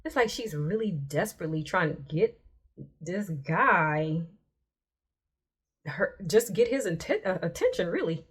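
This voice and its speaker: A woman's voice: on the low side, lively intonation, a little slow, pauses often, breathy edge. A woman vlogger giving casual commentary with chatty, exasperated asides as she reads text messages aloud.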